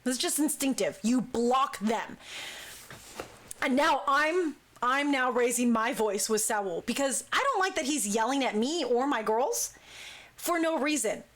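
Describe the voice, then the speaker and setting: A woman hosting a talk show, telling a story in a lively, casual way and acting out what people said. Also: sits high, measured pace. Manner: lively, acts out quoted speech. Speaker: talk show host, dance crew member.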